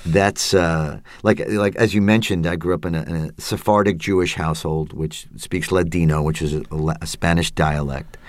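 Deep-voiced reflective actor. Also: male voice, fairly even intonation, normal speed, few pauses, no echo. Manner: reflective, hesitant, with many fillers and asides. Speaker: actor, interview guest. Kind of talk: casual interview talk.

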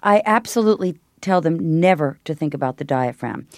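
A middle-aged woman voice teacher answering an interviewer, talking in an animated, explanatory way. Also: deep voice, a little fast, no echo, studio quality. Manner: animated, explanatory, breaks into sung vowels. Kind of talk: interview answers with vocal demonstrations.

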